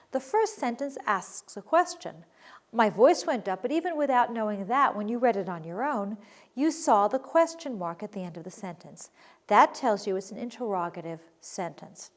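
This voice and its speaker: Speaking at medium pitch, a woman teaches a recorded grammar lesson, explaining clearly and deliberately and reading her examples with emphasis.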